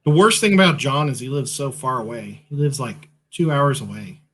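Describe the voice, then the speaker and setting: A man's voice: mid-range voice, moderate pace, fairly bright tone. A man co-hosting a casual chat, playful and talkative with joking asides, a bit sleepy. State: sleepy, yawning. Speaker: co-host.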